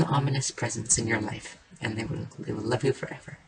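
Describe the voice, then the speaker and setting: A woman giving casual, rambling commentary while building in a game, playful, with sing-song noises and soft murmured asides. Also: extremely low pitch, steady tone, fairly quick, slight background noise, poor audio. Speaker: game streamer. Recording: keyboard and mouse clicks behind the voice.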